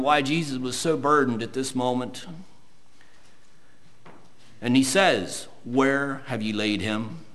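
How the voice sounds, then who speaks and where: A man preaching a sermon, reading scripture slowly and building to loud, emphatic points. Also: mid-range voice. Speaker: pastor.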